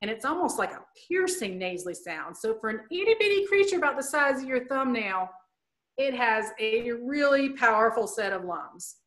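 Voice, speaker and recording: Woman giving an online nature talk, kinda high voice, chatty and a bit goofy. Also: sing-song, normal speed, fairly bright tone. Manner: chatty, plain explanations with playful asides. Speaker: wildlife educator presenting. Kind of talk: online presentation lecture.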